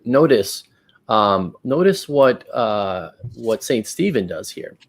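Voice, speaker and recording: A man's voice: fairly low pitch, sing-song, slow pace. A man hosting a casual apologetics discussion, reading quotations aloud and rebutting them in an exasperated, emphatic way. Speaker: channel host.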